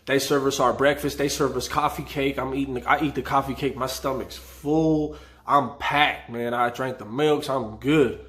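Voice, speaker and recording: A man's voice: mid-range voice, fairly even intonation, moderate pace, fairly bright tone. A man from the San Fernando Valley telling a story casually, with vivid street slang. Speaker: channel host telling a prison story.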